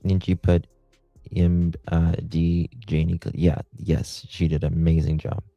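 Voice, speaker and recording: Slow gravelly deep-voiced man streaming. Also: monotone, mellow, dry recording, highs cut off, soft background music. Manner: sarcastic, talks to chat viewers. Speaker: livestream host. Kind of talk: casual live-stream commentary.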